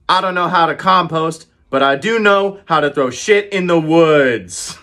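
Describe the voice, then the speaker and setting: A man delivering dry, deadpan one-liner stand-up jokes, unhurried and pausing before each punchline. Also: high voice. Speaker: comedian.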